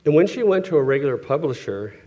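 A middle-aged man preaching a sermon in a loose, conversational way. He often restarts his sentences, laughs softly and acts out the people in his stories. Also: fairly high pitch, sing-song, quick pace, highs cut off. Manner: conversational, self-correcting, chuckles often, acts out quoted voices.

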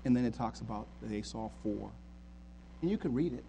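A man's voice: medium pitch, expressive, moderate pace, creaky, rough recording. Fervent preaching man, faint hum. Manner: preaching, rising loud and fervent in retold scripture. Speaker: pastor. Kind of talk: sermon.

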